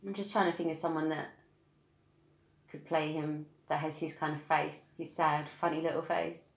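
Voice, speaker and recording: A woman's voice: low-pitched, little pitch movement, normal speed, creaky. A woman co-hosting a podcast in casual chat, playful and laughing often. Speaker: podcast co-host. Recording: echoey room.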